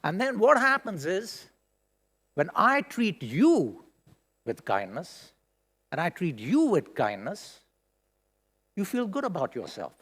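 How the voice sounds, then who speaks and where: A middle-aged man giving a conference keynote speech in a large hall, expressive and emotional, with many rhetorical questions. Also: sits high, takes it slowly, long pauses. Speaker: keynote speaker. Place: large hall at a school event.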